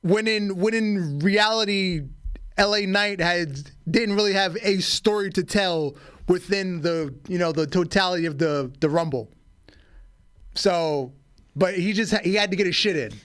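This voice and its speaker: A man's voice: high voice, measured pace, fairly bright tone, clear, resonant tone, no echo, clean studio sound. A man co-hosting a wrestling podcast, talking through storylines analytically and steering the chat. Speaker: podcast co-host.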